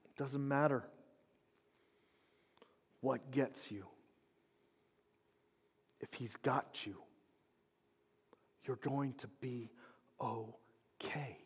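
A man preaching a sermon as pastor, dropping to whispers and rising to shouts. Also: mid-range voice, steady tone, extremely slow, long pauses, slightly rough. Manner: swings from hushed whispers to loud shouted climaxes. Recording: long hall reverb.

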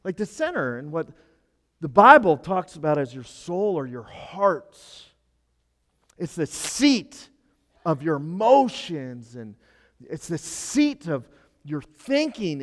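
Emphatic pastor preaching in a hall. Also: male voice, a little high, sing-song, slow. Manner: emphatic, swings from loud to hushed. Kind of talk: sermon.

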